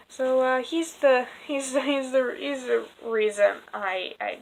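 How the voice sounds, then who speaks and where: A woman's voice: high-pitched, steady tone, slow, vocal fry, a little hiss or hum, rough recording. A woman in her twenties reading dating app messages aloud in a casual vlog, exasperated and sarcastic, and she swears freely. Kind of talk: casual storytelling. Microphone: phone.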